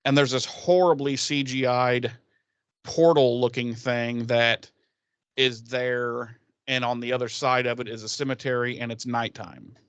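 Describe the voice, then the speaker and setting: A man's voice: medium pitch, flat delivery, measured pace, fairly bright tone, smooth, no echo, lo-fi sound. Guy hosting a podcast, swears a lot, tells the plot all rambly, dry close mic. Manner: rambling storytelling, swearing, laughing asides. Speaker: podcast host recapping an episode. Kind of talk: casual profane recap.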